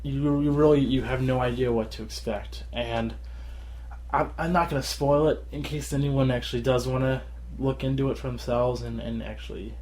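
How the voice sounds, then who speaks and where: A man's voice: mid-range voice, steady tone, normal speed. Rambling, laughing young man chatting. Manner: rambling, laughs often, acts out shouted quotes. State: tired. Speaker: podcast co-host. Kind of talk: casual chat.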